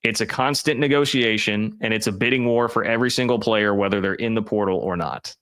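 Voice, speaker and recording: A man hosting a college football commentary show, talking to his viewers in a bright, forceful voice. He makes his points emphatically, leaning hard on key words, in a loose conversational way. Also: fairly low pitch, brisk. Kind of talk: opinionated sports commentary.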